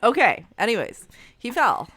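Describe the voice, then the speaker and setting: A woman's voice: a little high, very animated, moderate pace, fairly bright tone, slightly rough. A woman co-hosting a podcast in casual chat, playful and teasing, laughing a lot. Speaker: podcast co-host.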